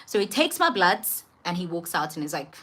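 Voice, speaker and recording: A young South African woman telling an emotional personal story to her camera, emphatic and expressive, repeating phrases for weight. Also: lowish voice, moderate pace, breathy edge. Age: young adult. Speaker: vlogger.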